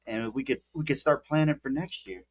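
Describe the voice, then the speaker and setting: A man's voice: medium pitch, a little fast. A man co-hosting a podcast, telling a rambling story in casual chat with lots of "like" and restarts. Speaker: podcast co-host.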